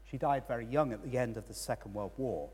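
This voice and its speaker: A man's voice: mid-range voice, fairly quick, mellow, slightly rough. A man giving a sermon as a priest, telling a story with rising and falling emphasis. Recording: long church reverb.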